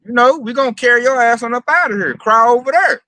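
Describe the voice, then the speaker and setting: A man's voice: extremely high pitch, quick pace, sharp tone, no room sound, poor audio. A man preaching in a casual, emphatic and profane way, mocking his targets as he talks.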